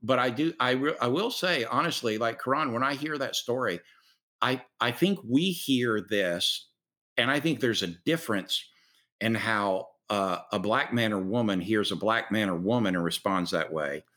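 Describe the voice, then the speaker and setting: A man's voice: mid-range voice, expressive, moderate pace, sharp tone. A man with a Southern accent, telling stories in a casual chat in an earnest, folksy way.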